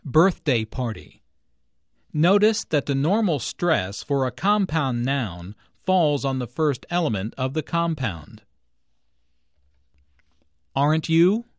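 Slow, measured male lesson narrator. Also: mid-range voice, no echo, studio quality. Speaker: language teacher. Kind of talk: scripted narration.

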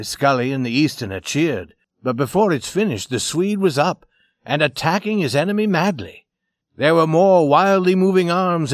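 A man reading a story aloud as narrator, steady and expressive. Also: fairly high pitch, dry recording, clean studio sound.

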